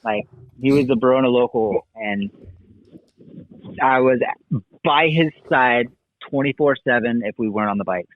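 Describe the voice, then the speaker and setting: A man in his thirties, a motocross racer and coach, telling his racing story in a relaxed, rambling way. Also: mid-range voice, normal speed, long pauses, dry recording. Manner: relaxed, rambling recollection with fillers. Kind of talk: casual interview storytelling. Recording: dry, tinny phone-like line.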